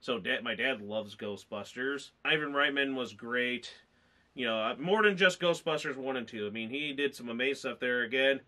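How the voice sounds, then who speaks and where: A man talks loosely and emotionally, piling on fillers as he goes. His voice is bright and sharp at an ordinary pitch, and he sounds choked up and close to tears. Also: normal speed. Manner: rambling, emotional, lots of fillers. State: tearful, choked up. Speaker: movie reviewer. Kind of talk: casual chat.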